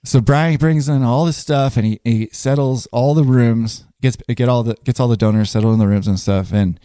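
A man's voice: mid-range voice, moderate pace, dark tone, clean tone, no echo. A man spins a long comic anecdote in loose podcast chat, full of "like" and restarts. His voice sits mid-range and the mic is close and dry, with no room sound. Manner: rambling, laughing, lots of filler words. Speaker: guest storyteller. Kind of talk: casual podcast storytelling.

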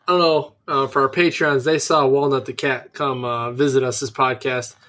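A man co-hosting a casual woodworking podcast, talking in an animated, excitable way and laughing often. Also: mid-range voice, normal speed. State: out of breath. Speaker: podcast co-host. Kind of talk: casual podcast outro chat.

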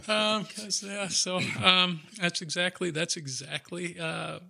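Gravelly older man spinning yarns. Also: high voice, takes it slowly. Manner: animated, acts out quotes, laughs often. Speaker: guest, former coach. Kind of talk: casual storytelling.

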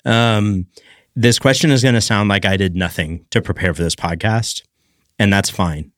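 Podcast host: man, low-ish voice, teasing, dry studio mic. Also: normal speed, fairly bright tone, dry recording. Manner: teasing, playful. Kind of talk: casual interview.

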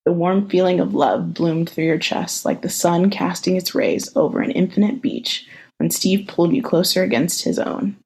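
A woman co-hosting a podcast over a video call, reading a fan story aloud in an even, unhurried way. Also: lowish voice, husky, rough recording. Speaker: podcast co-host.

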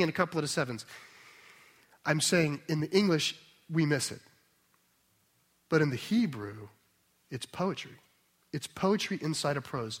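A man with a somewhat high voice delivers a teaching sermon. He talks in a conversational, emphatic way and keeps checking that his listeners are following. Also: a bit bright. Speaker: pastor.

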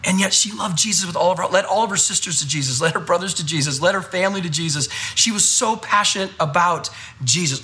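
A male pastor preaching a sermon, telling stories in an animated way and repeating phrases for emphasis. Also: sits high.

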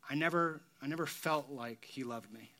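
A middle-aged man preaching a sermon in a slow, heartfelt way, sometimes dropping to a whisper. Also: medium pitch, sharp tone. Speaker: pastor.

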